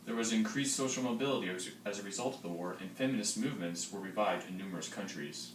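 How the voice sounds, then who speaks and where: A teenage boy with a fairly low voice reads his part of a class project plainly and steadily. The sound is distant and roomy. Faint noise sits underneath. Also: fast. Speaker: student presenter. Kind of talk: school project narration.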